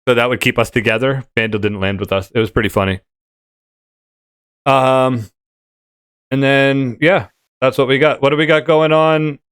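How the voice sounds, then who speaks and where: Smooth-voiced man hosting a casual chat. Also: medium pitch, fairly even intonation, normal speed, pauses often, fairly bright tone, no echo. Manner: rambling, with many fillers and restarts. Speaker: podcast host.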